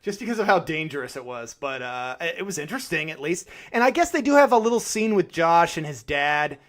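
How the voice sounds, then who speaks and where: A man's voice: fairly high pitch, big pitch swings, a little fast, fairly bright tone. A man co-hosting a podcast, chatting casually about films, laughing often and swearing freely. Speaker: podcast co-host. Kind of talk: casual film chat.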